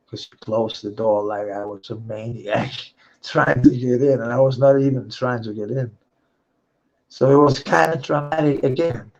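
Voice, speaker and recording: A man's voice: mid-range voice, moderate pace, a little mellow. A man rambling through a profane personal monologue, swearing often and laughing between thoughts. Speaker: vlogger. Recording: dull lo-fi recording.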